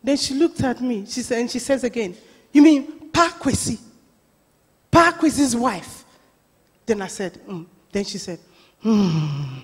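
Woman pastor, high-pitched lively sermon voice, long church reverb. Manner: storytelling, animated, laughing often.

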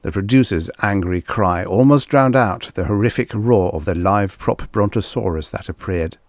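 A man's voice: fairly low pitch, moderate pace, no room sound. A man reading vintage science fiction aloud as an audiobook narrator, telling the story expressively. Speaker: audiobook reader.

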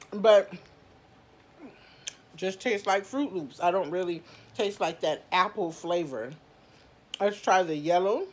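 A woman reviewing snacks in a casual, candid vlog, chatting straight to her viewers with mild cursing. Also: on the low side. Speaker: food review vlogger.

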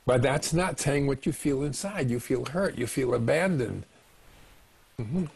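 Husky-voiced older man, slow reflective talk. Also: medium pitch, animated, darkish tone. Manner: slow, reflective, acts out short quoted exchanges. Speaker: doctor giving a meditation talk. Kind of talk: calm webinar talk on relationships. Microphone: webinar microphone.

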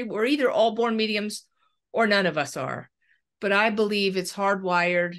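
A middle-aged woman guest recounting a personal story with real animation, slipping into the voices of the people in it. Her pitch sits in an ordinary middle range, and her telling moves along with conversational momentum. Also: unhurried. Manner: lively storyteller acting out dialogue. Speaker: medium and cancer researcher, interview guest.

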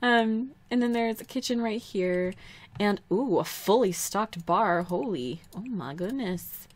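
A woman's voice: mid-range voice, lively intonation, unhurried. Young female let's-player, chatty, giggly, rambling casual commentary. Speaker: let's play host.

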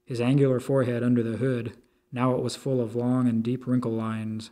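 Guy reading a crude slangy story, flat deadpan, mellow low tone. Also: fairly quick. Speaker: narrator.

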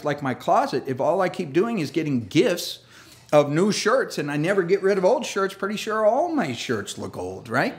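A pastor preaching to his congregation in a loose, chatty way, a man whose voice sits a little high and swings widely in pitch. He wanders into funny side stories and pokes fun at himself before steering back to his point. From United States. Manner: conversational, self-deprecating, jokey asides. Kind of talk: sermon. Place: church sanctuary.

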